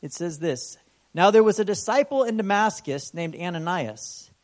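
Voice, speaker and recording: A man with a high voice preaches in a relaxed, conversational way. He keeps checking in with the listeners and bursts into animated voices when he retells a story. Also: moderate pace. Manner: conversational, often asks "right?". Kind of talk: sermon.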